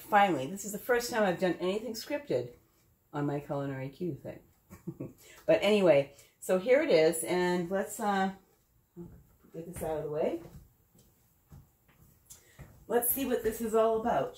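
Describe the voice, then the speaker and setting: A woman's voice: fairly low pitch, animated, normal speed, long pauses, darkish tone. A woman hosting a casual recipe demo, chatty and thinking aloud as she tastes her dish. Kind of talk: casual cooking demo talk. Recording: echoey kitchen. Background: clinking dishes and cutlery.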